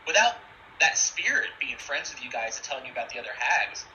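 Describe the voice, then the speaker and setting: A man's voice: medium pitch, sing-song, brisk, sharp tone. A man acting as game master, laying out story options in a rambling, thinking-aloud way. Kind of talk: running a tabletop game over voice chat. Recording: dull lo-fi mic with faint hiss.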